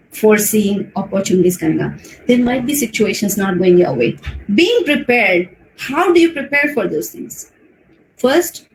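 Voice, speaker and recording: An Indian woman with a high voice teaches public speaking in a webinar, heard through a video call mic in a roomy, echoey space. She talks expressively and swings her pitch up and down to show how a voice can carry feeling. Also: a little hiss or hum. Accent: Indian English.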